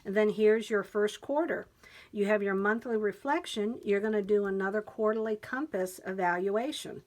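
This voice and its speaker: A woman's voice: medium pitch, moderate pace. Enthusiastic woman flipping through a planner. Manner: enthusiastic, chatty, reads quotes aloud. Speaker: planner vlogger. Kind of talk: planner flip-through walkthrough.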